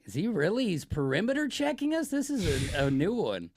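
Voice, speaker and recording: A man's voice: sits high, wildly swooping pitch, a little fast, darkish tone, slight background noise. A man co-hosting a morning radio show, making wry teasing remarks. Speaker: radio co-host.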